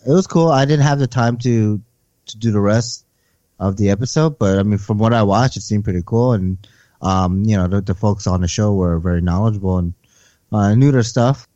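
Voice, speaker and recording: A man co-hosting a casual hobby podcast, relaxed and agreeable, often hedging what he says. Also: moderate pace, no echo. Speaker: podcast co-host. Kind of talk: casual chat. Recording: dull bassy mic.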